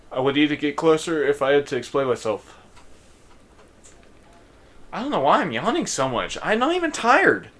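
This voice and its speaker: A young man commenting casually as he plays through a game. He rambles and thinks out loud, reading game text along the way. His voice sits at an ordinary middle pitch. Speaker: gaming YouTuber. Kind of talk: let's play commentary.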